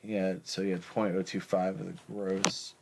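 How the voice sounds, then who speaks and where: A man's voice: low voice, little pitch movement, normal speed, creaky, noisy background. A man co-hosting a podcast, reading out movie trivia in a casual, chatty way. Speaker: podcast co-host.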